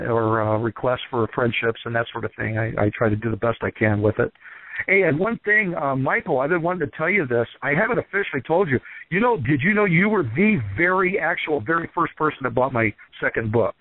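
A man's voice: mid-range voice, no room sound. A man who trains wrestlers, guesting on a radio interview and telling rambling stories full of fillers. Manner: rambling, lots of fillers, animated storytelling. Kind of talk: casual radio interview over the phone. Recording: tinny phone line, dry.

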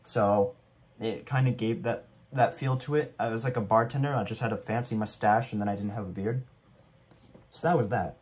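A man's voice: on the low side, moderate pace, darkish tone. Young guy rambling about his performance, casual, self-mocking. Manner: rambling, chatty, self-deprecating. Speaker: vlogger. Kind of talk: casual commentary.

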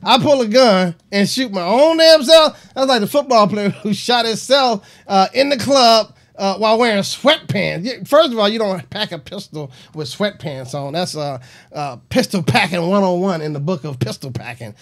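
High-voiced man riffing on the news. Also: moderate pace. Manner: animated, rambling with fillers. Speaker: comedian host. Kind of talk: comedic news commentary.

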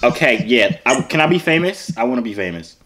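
A man's voice: mid-range voice, very animated, a little fast, fairly bright tone. A young man from Arkansas, joking around with strangers on a phone video chat. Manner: playful, joking, teasing. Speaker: YouTuber.

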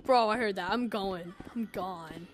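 A young woman giving casual gameplay commentary to her channel, excitable and quick to break into startled shouts. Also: mid-range voice, music in the background. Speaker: gaming video creator.

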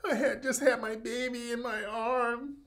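Man doing a whining, self-pitying woman, mock-tearful, slow drawn-out delivery. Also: high-pitched, steady tone. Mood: whiny. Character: whiny woman playing the victim.

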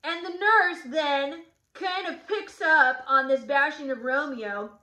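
A woman's voice: sits high, slow pace, bright, forceful tone. A woman teacher leading a casual guided reading lesson, chatty with sardonic asides. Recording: roomy echo.

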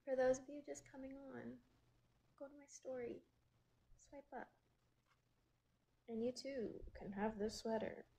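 Breathy, chatty woman on a livestream. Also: sits high, mellow, rough recording. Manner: chatty, breezy, quick to laugh. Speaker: actress hosting a livestream. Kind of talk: casual chat reading viewer comments aloud. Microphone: phone.

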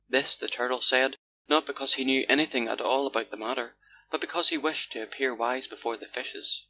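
Bright-voiced male storybook narrator. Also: medium pitch, a little fast. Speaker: audiobook narrator. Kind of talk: children's fairy tale narration. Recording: dull lo-fi audiobook recording with faint hiss.

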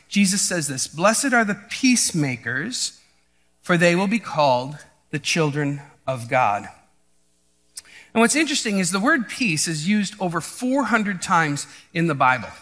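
Male pastor, conversational church sermon, high and bright-toned. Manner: conversational, restarts often, asks the congregation 'right?'. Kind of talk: casual sermon.

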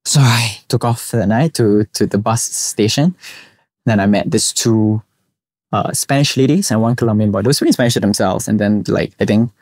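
With a lowish voice at normal speed, a young Singaporean host relates a personal story on his podcast in Singaporean English, animatedly acting out others' voices. The recording is dry and studio quality.

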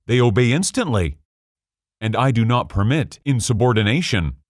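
A man's voice: medium pitch, animated, normal speed, no room sound, clean studio sound, lightly acted. A man voicing a proud old king in a storybook reading, pompous and commanding. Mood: grand.

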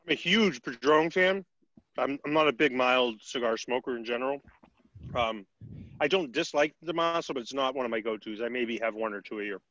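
A man co-hosting a podcast in casual chat, quick and chatty. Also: mid-range voice, a bit bright, muffled recording. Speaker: podcast co-host.

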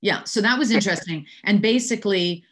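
An American woman in her sixties from New York City, an actress telling animated anecdotes in a casual interview and laughing often. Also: medium pitch, a little fast.

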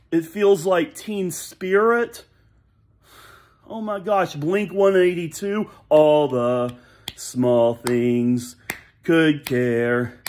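A man's voice: high voice, a little mellow. A man ranting in a casual solo vlog, rambling and exasperated, full of nostalgia. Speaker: vlogger. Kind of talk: casual solo rant to camera.

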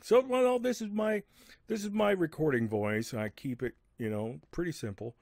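Male let's-play host, chatty and rambling, voice pushed a touch high, dry recording. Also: moderate pace, a little mellow, no room sound. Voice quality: rambling, lots of fillers and asides. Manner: raises his voice above his natural low register. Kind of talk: casual gameplay commentary.

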